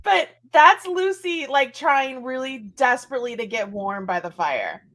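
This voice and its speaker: A woman host in a casual chat, telling animated stories, laughing and mimicking others. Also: sits high, unhurried. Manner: animated storyteller, laughs often, mimics voices.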